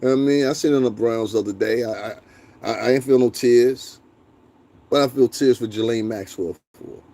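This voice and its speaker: A man's voice: medium pitch, normal speed, mellow. A young man hosting a casual live stream, talking bluntly and profanely, laughing often and answering his chat. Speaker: livestream host.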